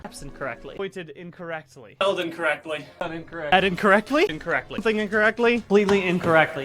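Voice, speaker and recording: An animated man speaks in a rapid string of chopped-up single-word clips. His delivery lurches between loud bursts and quiet mutters, set over clear background music. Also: sits high. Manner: animated, jumpy delivery shifting loud and soft. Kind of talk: rapid supercut of clipped single words.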